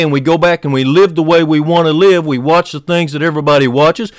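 A man's voice: steady tone, fairly quick, hardly any pauses, no room sound. Fervent male preacher, dry close sound. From United States. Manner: fervent preaching, rising loud on key points, dropping low and soft. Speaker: pastor. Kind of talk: sermon.

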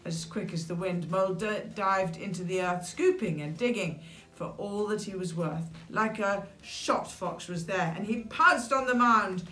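British woman in her sixties, animated picture-book reader, echoey room. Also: mid-range voice, a little slow. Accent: British English. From England. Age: 60s. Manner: animated, expressive, with dramatic gasps. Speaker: children's story reader. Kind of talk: reading a rhyming picture book aloud.

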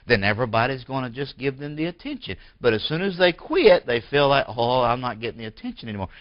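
Emphatic low-voiced preacher. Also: male voice, no echo, muffled recording. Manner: preaching with rising emphatic bursts and drops to near-whisper. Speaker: pastor. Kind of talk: sermon. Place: church.

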